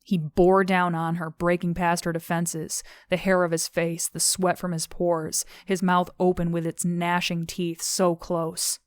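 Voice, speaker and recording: Female audiobook narrator, measured and level, smooth clean tone, dry studio sound. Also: fairly low pitch, no echo. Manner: steady, measured reading. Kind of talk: scripted narration of a thriller novel.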